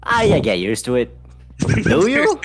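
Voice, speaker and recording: A man voicing an eager townsman in a deliberately bad mock Scottish accent, hammy and self-mocking. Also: a little high, huge pitch swings, background noise, pitched above the performer's own voice.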